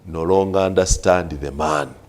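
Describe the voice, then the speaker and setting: On a studio press review talk show, a Ugandan man argues hard, firing off rhetorical questions and switching between English and Luganda. His voice is deep and his pace moderate.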